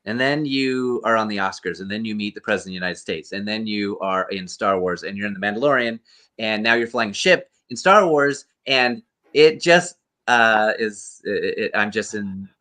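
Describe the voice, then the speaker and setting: A man with a lowish, forceful voice spins animated behind-the-scenes stories as a podcast guest, tripping over his words as he goes. His tone stays bright and punchy. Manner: animated, fast anecdotes with many restarts. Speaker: guest actor and performer. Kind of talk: casual storytelling interview.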